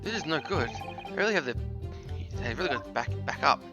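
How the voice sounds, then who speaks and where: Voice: medium pitch, lively intonation, a little fast. A streamer commenting and joking through a courtroom game, with game music behind. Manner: swearing, laughing asides. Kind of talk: let's play reaction commentary.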